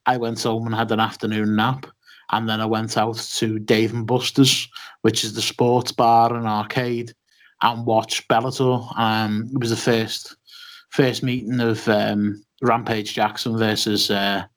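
A man's voice: lowish voice, level tone, unhurried. A man co-hosting a casual podcast chat, telling a long story with many ums and restarts. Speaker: podcast co-host.

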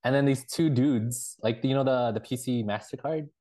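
Podcast cohost guy, stop-start stories, laughs along, mid pitch voice. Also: mellow. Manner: rambling, halting anecdotes with laughs. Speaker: podcast co-host. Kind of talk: casual chat.

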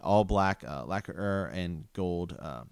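Very deep smooth-voiced man reading haltingly. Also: no echo. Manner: halting reading with fillers and stumbles. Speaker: podcast co-host. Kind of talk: reading a book aloud in casual chat.

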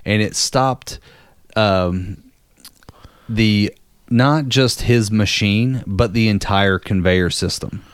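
A man in casual conversation, telling a story and acting out the people in it with loud, high-pitched quotes. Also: slow pace, clear, resonant tone, no room sound, clean studio sound. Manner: animated, acts out quotes with loud high voices.

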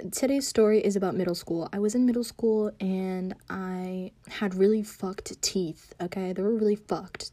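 A woman in a sassy, foul-mouthed vlog rant, rambling from one grievance to the next and slipping into quick whispers. Her voice sits at an everyday middle pitch. The sound is close and dry, with no room around it. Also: dark tone, no echo. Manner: profane, rambling, with sudden whispered asides; sassy, scolding an absent target. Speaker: vlogger. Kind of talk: casual rant.

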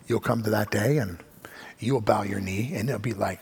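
A man's voice: fairly low pitch, normal speed, darkish tone, slight background noise. A man preaching a sermon as pastor, swelling to emphatic peaks and acting out the voices of doubting listeners.

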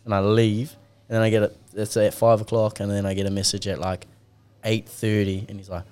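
Laid-back, sweary Kiwi podcast host. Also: male voice, fairly low pitch, level tone, brisk, a little mellow, smooth. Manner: laid-back, swears a lot, tells stories with acted-out dialogue. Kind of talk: casual podcast chat.

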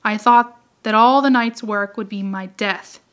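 A woman's voice: medium pitch, steady tone, unhurried, clear, resonant tone, close to an everyday voice. A woman reading as a jovial old farmer. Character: old farmer, good-humoured host.

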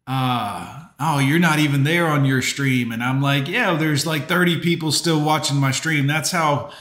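A man's voice: on the high side, fairly bright tone. Man greeting livestream viewers, roomy sound. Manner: quick, chatty greetings to viewers. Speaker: livestream host. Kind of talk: casual live-stream chat.

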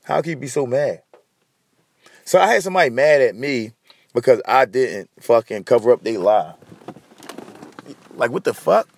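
A man's voice: medium pitch, big pitch swings, normal speed, fairly bright tone, husky, no echo, studio quality. A man hosting a solo podcast, ranting bluntly and profanely while talking straight to his listeners. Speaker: podcast host.

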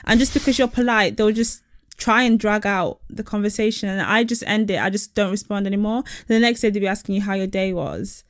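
A woman's voice: medium pitch, a little fast, dry recording, clean studio sound. A young woman co-hosting a casual chat podcast, telling stories animatedly. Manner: animated, quotes others in put-on voices. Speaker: podcast co-host.

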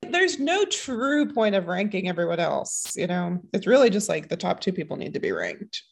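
A woman's voice: lowish voice, normal speed, vocal fry, slight background noise. A young woman co-hosting a podcast, giggly and chatty in casual talk. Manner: giggly, lively, many fillers. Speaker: podcast co-host. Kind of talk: casual chat.

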